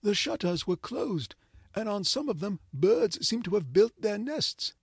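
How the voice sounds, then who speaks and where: A man narrating an old ghost story in a measured, dramatic reading. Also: high-pitched, sing-song, breathy edge, dry recording, clean studio sound.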